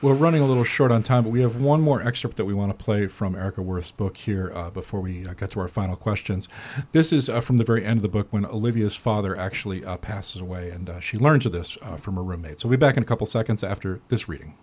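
A male podcast host wrapping up a segment briskly, with many fillers. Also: on the low side, darkish tone. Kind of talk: casual interview hosting.

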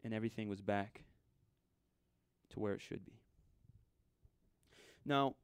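A man preaching a sermon in a conversational way, swinging from loud, urgent lines to hushed ones. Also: fairly low pitch, a little slow, clear, resonant tone, no room sound.

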